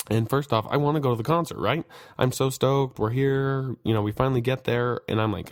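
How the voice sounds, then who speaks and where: A man's voice: lowish voice, fast talker, no echo, clean studio sound. A young man hosting a podcast, telling a personal story in a candid, profane way and acting out his own panicked thoughts. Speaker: podcast host. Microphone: podcast mic.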